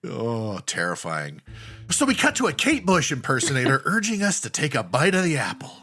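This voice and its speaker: A man's voice: medium pitch, huge pitch swings, moderate pace, sharp tone, husky. A man with a Canadian accent, a podcast co-host casually retelling a TV episode with wry, laughing asides. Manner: wry, laughing storyteller who swears casually.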